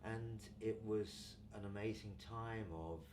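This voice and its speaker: A deep-voiced older man from England recounts his journey in a reflective, unhurried way. He sits some distance from the mic, and a clear background noise runs under his voice. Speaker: guest, community founder. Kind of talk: relaxed storytelling interview.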